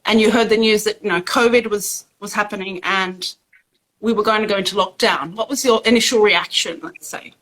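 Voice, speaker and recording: An upbeat woman hosts a casual live video chat, her voice bright and forward. She keeps the conversation friendly and light, with a middle pitch. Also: steady tone, brisk, poor audio. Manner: upbeat and warm, with frequent laughs. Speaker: host. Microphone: video call.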